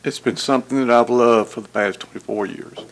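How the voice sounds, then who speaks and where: An older man, a retiring alderman giving an emotional, halting farewell speech at a city board meeting. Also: mid-range voice, steady tone. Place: city council chamber.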